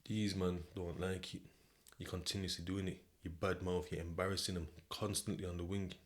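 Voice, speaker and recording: A deep-voiced British man hosts a podcast, speaking at normal speed with a flat delivery. He tells a story in the second person, casual and full of slang, keeping it conversational and repeating "do you know what I mean."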